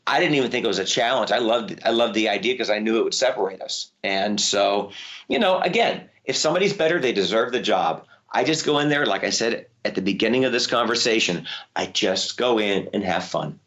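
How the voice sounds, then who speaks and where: A man telling stories from his career in an easy, chatty way. He gets excited and his voice jumps up as he talks. The sound is a little dull and lo-fi. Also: a little fast. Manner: lively, jumps up in pitch when excited. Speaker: voice actor guest. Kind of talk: casual interview storytelling.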